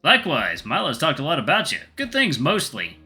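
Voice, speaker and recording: A man's voice: a little high, huge pitch swings, a little fast, bright, forceful tone, faint music behind, pitched above the performer's own voice, full character voice. A man voicing an easygoing, polite young man in a visual novel read-aloud. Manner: easygoing, friendly.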